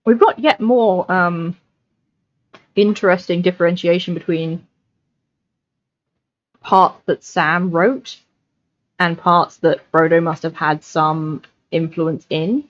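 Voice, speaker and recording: A woman's voice: on the low side, fairly even intonation, slow pace, pauses often. A woman reading a novel aloud on a livestream, chatty and scattered, with asides, over a desk mic. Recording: lo-fi livestream audio.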